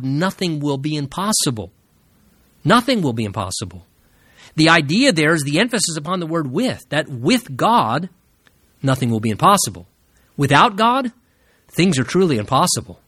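A man preaching with earnest conviction. His voice sits a little higher than most men's, and it sinks low and slow when he stresses a key phrase. The sound is dry and close, with no room echo. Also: fairly bright tone. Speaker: pastor. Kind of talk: sermon.

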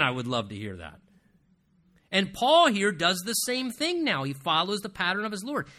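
Bright-voiced man preaching a sermon. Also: high voice. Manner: earnest preaching, reads scripture aloud with emphasis. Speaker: pastor.

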